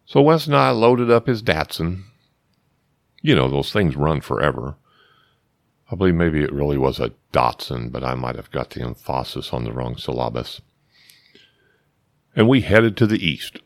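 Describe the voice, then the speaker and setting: Gravelly deep-voiced man spinning a story. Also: sing-song, moderate pace, no echo, clean studio sound. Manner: rambling, digressive, talks to listeners as folks. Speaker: podcast host. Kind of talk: storytelling podcast.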